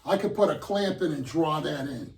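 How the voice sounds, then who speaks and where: A man's voice: fairly high pitch, moderate pace, creaky, heavy background noise. An older man muttering and cursing to himself, out of breath as he works on model train benchwork. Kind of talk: casual self-talk while working. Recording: roomy echo, mic at a distance.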